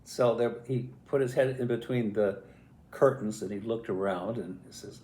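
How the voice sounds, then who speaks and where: An older man telling a family story in a casual, animated way, acting out voices and sounds as he goes. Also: on the low side, moderate pace, slight background noise. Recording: roomy echo.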